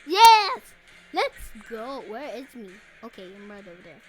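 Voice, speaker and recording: A woman commenting excitedly over her own gameplay, yelping and joking as she plays. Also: high voice, unhurried, soft background music. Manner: excitable, yelps and screams often; playful, jokey asides. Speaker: gaming video host. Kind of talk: let's-play commentary.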